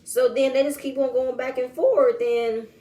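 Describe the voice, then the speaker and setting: A woman recapping a reality show episode in casual, animated commentary, acting out the quoted lines in changing voices. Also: sits high, moderate pace, distant mic. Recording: echoey room, voice set back from mic.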